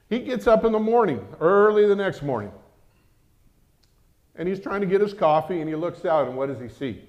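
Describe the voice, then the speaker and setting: A man with a fairly high voice preaches a sermon in a relaxed, conversational manner. He keeps it lively and often breaks in with quick exclamations.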